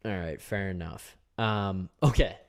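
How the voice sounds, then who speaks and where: A man's voice: low voice, a little slow, smooth. A man hosting a casual post-game livestream, chatting loosely, reading viewer comments and laughing often. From Canada. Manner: laid-back, chatty, laughs often, reads chat comments aloud. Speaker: host.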